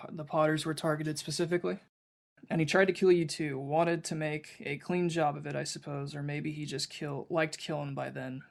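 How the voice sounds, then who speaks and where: A man's voice: on the high side, gravelly. A man co-hosting a casual podcast book discussion, rambling, reading passages aloud and often restarting his sentences. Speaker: podcast co-host.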